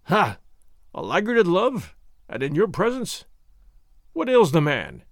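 A man voicing a dashing, gallant masked highwayman who speaks in flowery, bold phrases. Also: huge pitch swings, a little slow, dry recording, clean studio sound, exaggerated voice. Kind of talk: audiobook character voice.

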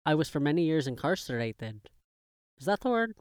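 An actor playing an ancient, grotesque old uncle who speaks a heavily accented, halting, formal English in an audio drama reading. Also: male voice, a little high, very animated, smooth, no room sound, clean studio sound. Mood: unctuous. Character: ancient grotesque old uncle, lonely, oozing false charm.

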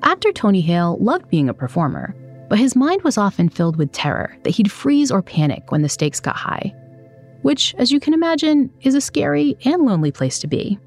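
Lively woman narrating an intro. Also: medium pitch, brisk. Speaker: show announcer. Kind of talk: scripted narration. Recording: studio voice-over with faint music.

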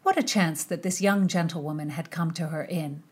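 A woman narrating a historical novel aloud, with measured, expressive storytelling. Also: sits low, breathy edge. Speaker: audiobook narrator. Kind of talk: scripted narration with character voices.

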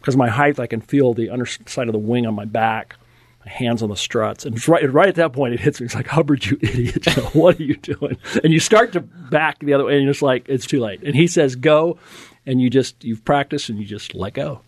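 An older man with a gravelly, creaky voice tells a personal story in a relaxed interview. He talks in an animated, chatty way, chuckling as he goes and restarting words. The sound is dry and close. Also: medium pitch, brisk, dry recording. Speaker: guest telling his testimony. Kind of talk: conversational storytelling.

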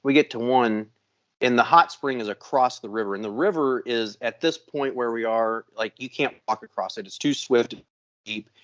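A man's voice: medium pitch, normal speed, a bit bright. Profane storytelling man, lo-fi sound. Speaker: podcast host. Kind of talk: casual storytelling.

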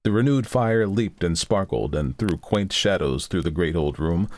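Low-voiced man reading a storybook. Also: animated, normal speed, no echo. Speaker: audiobook narrator. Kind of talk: scripted narration.

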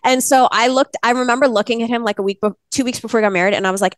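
Lively woman guest telling stories. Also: mid-range voice, racing, few pauses, no echo. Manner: lively, emphatic storytelling. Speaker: guest on a talk podcast. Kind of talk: casual conversational interview.

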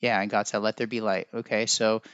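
A man's voice: fairly low pitch, level tone, brisk, fairly bright tone, smooth, no echo. A man hosting a solo podcast, talking in a musing, teacherly way that keeps correcting itself. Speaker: podcast host. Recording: dry, dull lo-fi sound.

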